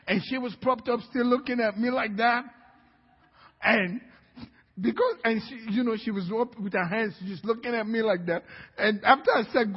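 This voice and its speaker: High-voiced husky pastor preaching in a hall. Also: male voice, moderate pace. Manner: storytelling with laughs, building to shouts. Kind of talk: sermon. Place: church hall. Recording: dull lo-fi recording in a reverberant church hall.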